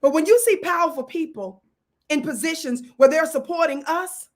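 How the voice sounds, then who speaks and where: A woman with a high voice and hosts a live stream. She talks in a preacher-like way, reads out comments from her chat and calls blessings down on her viewers. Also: moderate pace. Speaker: livestream host.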